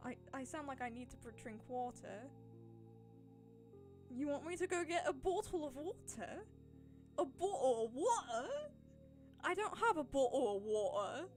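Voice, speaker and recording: A young woman hosting a casual livestream, chatting in a put-on posh British English accent; chatty, quick to laugh and often restarting her sentences. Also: sits high, animated, soft background music. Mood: amused. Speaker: channel host answering chat questions.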